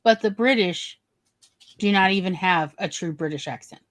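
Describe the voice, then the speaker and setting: A woman's voice: fairly low pitch, normal speed, a bit bright, no room sound. A woman co-hosting a podcast, chatting casually in a joking, mock-indignant way. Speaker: podcast co-host. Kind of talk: casual chat.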